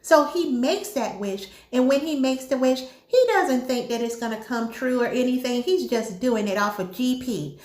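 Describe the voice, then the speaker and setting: Animated, high-voiced woman reviewing a movie. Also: normal speed, few pauses, reverberant. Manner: animated storytelling, talks straight to viewers. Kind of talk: casual chat.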